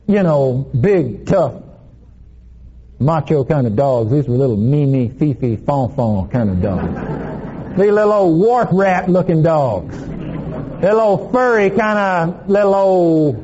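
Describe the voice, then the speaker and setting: A man preaching a sermon, telling a playful story with laughs in an animated way. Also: on the high side, lo-fi sound, slight background noise.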